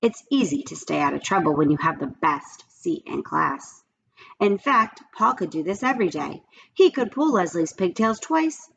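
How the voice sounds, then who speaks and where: A woman with a low, gravelly voice reads a children's chapter book aloud in a friendly, storytelling way. The recording is dull and lo-fi, with a faint hiss underneath. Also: sing-song, moderate pace, a bit bright. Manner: friendly storytelling, addresses listeners as guys. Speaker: teacher reading aloud. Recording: dull lo-fi sound with faint noise.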